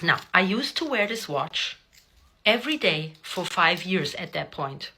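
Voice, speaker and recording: Animated chatty woman telling a story. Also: on the low side, a little slow, a little hiss or hum. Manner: animated, chatty, lots of "right?" and "like". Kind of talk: casual storytelling to camera.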